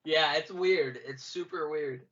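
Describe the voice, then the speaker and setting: A man's voice: on the high side, measured pace, a bit bright. A man co-hosting a podcast, riffing casually and rambling, with frequent swearing. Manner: rambling, swearing, fond of silly voices. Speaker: podcast co-host. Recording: dull lo-fi sound.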